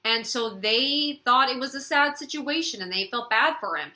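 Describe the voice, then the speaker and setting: A woman's voice: high-pitched, expressive, moderate pace, sharp tone, soft background music. A young woman vlogger telling a personal story to camera, acting out her family's lines along the way. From California. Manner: acts out quoted family members while retelling. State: tearful at times.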